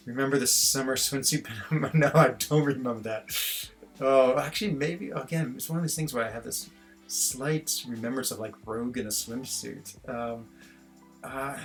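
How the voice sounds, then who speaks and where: A man's voice: medium pitch, creaky, fairly bright tone. A middle-aged man, chatting casually with viewers as a stream host in a rambling, musing way. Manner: rambling, musing, chuckles often. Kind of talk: casual live-stream chat reading comments. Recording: faint guitar music behind.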